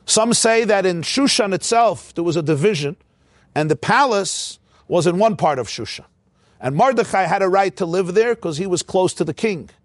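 A man's voice: high-pitched, lively intonation, moderate pace, no echo. A man giving a Torah study lecture, walking through a text with rhetorical questions. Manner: explains by posing rhetorical questions. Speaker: Torah teacher.

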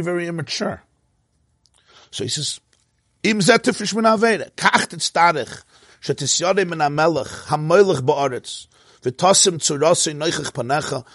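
Male Torah teacher, fairly high voice, emphatic, repeats lines for effect, dry close sound. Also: no room sound. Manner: emphatic, repeats phrases, laughs between points; mixes in Hebrew and Yiddish terms. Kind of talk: spoken Torah class.

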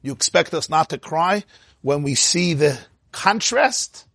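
Man, high voice, lively Torah lecture, husky, dry close sound. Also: measured pace, no room sound. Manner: animated storytelling, mixing Hebrew and Yiddish phrases with English explanation. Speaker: rabbi teaching.

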